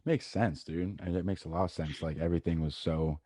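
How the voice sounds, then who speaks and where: A man's voice: low voice, steady tone, fairly quick, dark tone, no echo, clean studio sound. A man hosting a podcast, reacting in a laid-back, slangy way and repeating himself. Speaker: podcast host. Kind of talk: casual chat.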